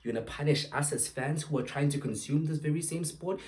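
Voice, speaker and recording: A man's voice: on the high side, a little fast, a little mellow. Swearing young man ranting about football. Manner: heated, swearing, sarcastic outbursts. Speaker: podcast host. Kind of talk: angry football rant.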